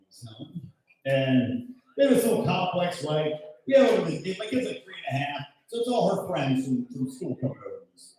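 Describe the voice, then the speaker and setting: A man in his thirties, pitched a little high for a man, hosts a comedy show at a golf club venue, doing loud, brash stand-up and constantly working the crowd. His voice swings up and down, and the live mic sounds far off in an echoey, booming room.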